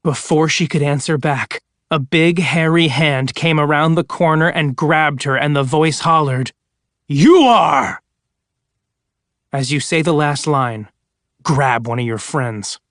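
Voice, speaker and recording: A man's voice: a little high, fairly even intonation, unhurried, fairly bright tone, dry recording, studio quality. A man narrating an audiobook of scary stories with dramatic storytelling. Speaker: audiobook reader.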